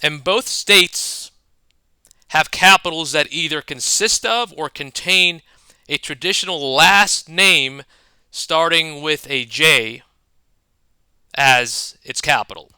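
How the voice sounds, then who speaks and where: A man giving scripted explanatory narration, measured and dotted with wordplay asides. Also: a little high, lively intonation, sharp tone, clear, resonant tone, no room sound. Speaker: educator.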